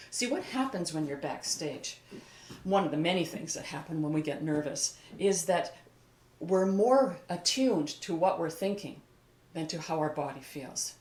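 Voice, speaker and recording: Calm low-voiced vocal coach, older woman. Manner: calm, encouraging, demonstrates while moving. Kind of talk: video singing lesson. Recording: echoey room.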